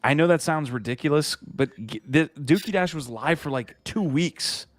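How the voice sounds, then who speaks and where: A man's voice: a little high, moderate pace, dry recording. A man hosting a casual podcast who rambles, restarts his sentences and laughs as he talks. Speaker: podcast host. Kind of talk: casual chat.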